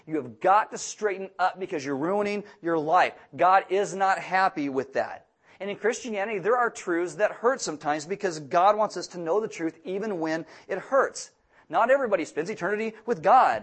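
High-voiced man preaching bluntly. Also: lively intonation. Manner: blunt, joking asides, quick bursts of emphasis. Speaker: pastor. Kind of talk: sermon. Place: church.

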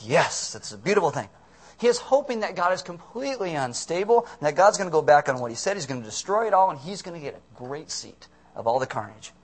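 A man preaching a casual, conversational sermon, animated and often acting out the people in his story. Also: fairly high pitch, fast, hardly any pauses.

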